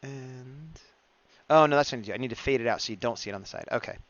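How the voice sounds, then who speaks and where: A man's voice: medium pitch, very fast, fairly bright tone, dry recording, highs cut off. A man streaming live as he draws, chatting casually and muttering to himself as he works. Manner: chatty, mumbles to himself, reads chat aloud. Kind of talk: casual live-stream chat while drawing.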